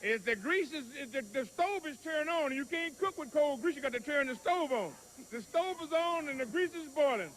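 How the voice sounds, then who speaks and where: A high-voiced man runs a boxing press conference from the podium. He is folksy and quick, steering the speakers along, and faint room noise sits behind him. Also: animated, fairly bright tone, poor audio. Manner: folksy, quick, trying to keep order.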